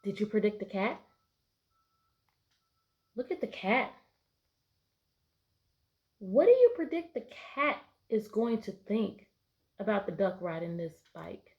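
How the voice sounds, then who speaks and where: A woman's voice: mid-range voice, expressive, slow, long pauses, dull audio. A woman teacher reading a picture book aloud to her class, patiently asking prediction questions between pages. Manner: bright, playful voices for story animals.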